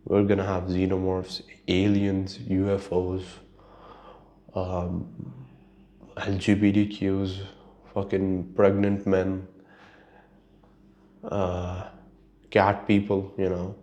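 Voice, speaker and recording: A man's voice: sits low, completely flat delivery, slow, long pauses, dark tone. A man hosting his own podcast, talking alone in a rambling, profane, casual way and laughing at his own stories. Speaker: podcast host. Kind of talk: casual solo monologue.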